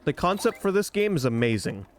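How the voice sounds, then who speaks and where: Relaxed man streaming a game. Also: sits high, brisk, a little hiss or hum. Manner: relaxed, chatty, thinking aloud. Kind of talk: casual let's-play commentary. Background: faint game music.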